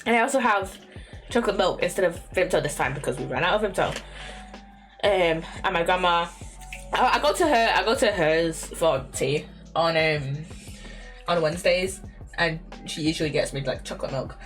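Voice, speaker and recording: A young adult woman with a lowish voice talks at a normal pace in a casual bedroom stream. She rambles with many fillers, restarts and little laughs, and faint lo-fi music can be heard.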